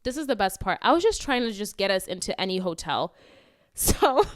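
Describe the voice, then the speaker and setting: A woman's voice: mid-range voice, sing-song, brisk. A young woman co-hosting a podcast, telling a travel story in casual chat, swearing freely and talking animatedly. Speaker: podcast co-host.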